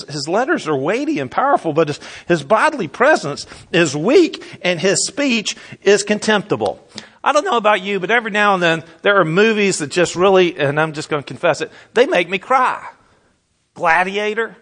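A man preaching a sermon as a pastor, conversational and folksy, slowing down to stress key words. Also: sits high, a bit bright. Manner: conversational, folksy, slows down for emphasis.

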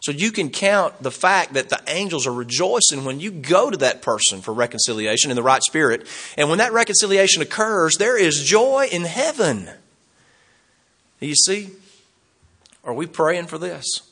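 An older man preaching a sermon in a folksy, animated way, chuckling often and acting out the things people say. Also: fairly high pitch, normal speed, breathy edge.

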